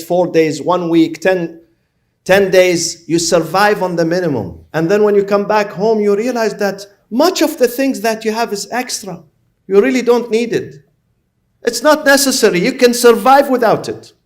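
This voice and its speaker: A man preaching a sermon as a religious lecturer, stressing his points by repeating and listing short phrases. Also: high voice. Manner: emphatic, repeats and lists phrases.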